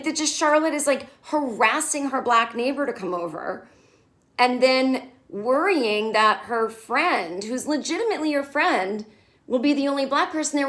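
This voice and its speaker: Sarcastic woman doing a comedic TV recap. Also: on the high side. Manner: animated, sarcastic, swears.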